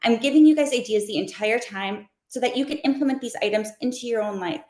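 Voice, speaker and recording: A woman who makes live shopping videos, answering interview questions casually and talking fast like an animated storyteller. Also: fairly high pitch. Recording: roomy echo.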